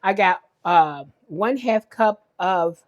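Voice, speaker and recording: A woman's voice: mid-range voice, expressive, takes it slowly, lo-fi sound. A woman giving a casual cooking demonstration at home, chatty and homey, often correcting herself as she goes. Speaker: home cook.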